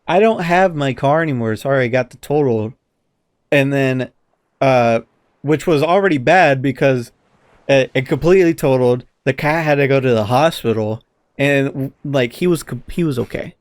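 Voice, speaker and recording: Male podcast co-host, casual animated storyteller, mid-pitched voice, dry recording. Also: moderate pace, dry recording. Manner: animated storyteller, acts out quotes, swears often. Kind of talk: casual chat.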